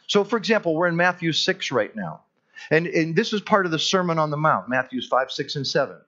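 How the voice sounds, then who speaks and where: A male pastor preaches a sermon in church, earnest and emphatic, stretching out the words he wants to land. His voice sits a little high, and the recording has a slightly dull, lo-fi sound. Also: expressive, fairly quick, sharp tone.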